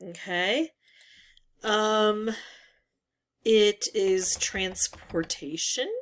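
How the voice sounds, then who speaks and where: A woman hosting a word-game channel talks through a puzzle at an unhurried, drawn-out pace. She muses aloud, hesitating and filling gaps with "um", in a voice of middling pitch. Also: fairly bright tone. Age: adult parent. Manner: musing, hesitant, pauses with "um". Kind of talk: thinking-aloud puzzle talkthrough.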